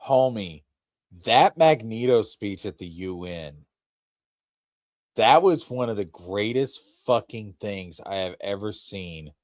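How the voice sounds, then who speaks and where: Slow-talking low-voiced enthusiastic man. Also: dry recording, clean studio sound. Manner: enthusiastic, slangy, swearing. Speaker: co-host. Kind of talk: casual chat.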